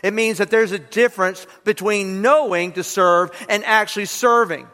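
A man's voice: sits high, steady tone, normal speed, bright, forceful tone, in a large hall. A man preaching a sermon to his congregation, who leads them in repeating key lines aloud. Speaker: pastor. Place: church sanctuary.

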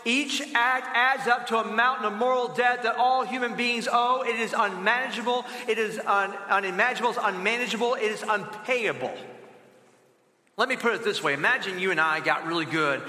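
Pastor guy preaching, high bright voice, big echoey church hall, lots of rhetorical questions. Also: brisk. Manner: storytelling with rhetorical questions to the audience; dramatic drops in pitch for emphasis. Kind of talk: sermon. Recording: echoey hall with long reverb.

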